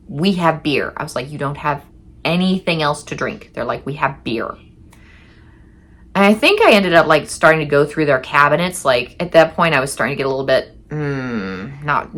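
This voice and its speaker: A woman with a low, deep speaking voice tells a personal story, chatty and candid. She acts out her own past lines and curses now and then. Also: bright, forceful tone. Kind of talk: casual first-person storytelling.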